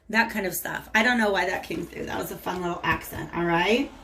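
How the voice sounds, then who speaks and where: A woman's voice: fairly low pitch, fairly quick, gravelly, few pauses, fairly bright tone. A woman giving a casual tarot reading, chatting to viewers and talking to the cards as she goes. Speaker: tarot reader.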